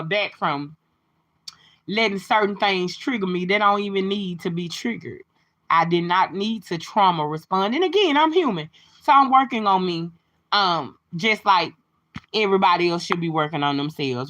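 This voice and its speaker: A livestream host with a fairly low, fairly bright voice chats casually and openly with her viewers while sharing a personal testimony.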